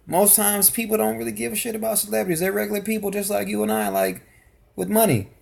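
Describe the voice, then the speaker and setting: A man's voice: high voice, quick pace, gravelly, darkish tone. A man chatting casually while reacting to a video, rambling loosely from one thought to the next. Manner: rambling, loose, full of restarts and fillers. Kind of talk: casual chat.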